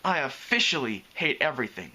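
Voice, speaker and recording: A sulky young dragon, as a male reader puts him on, moody and sarcastic, with a lively pitch that rises into whines and a bright, sharp tone. He sounds worried and put-upon. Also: fairly quick, slightly rough, exaggerated voice.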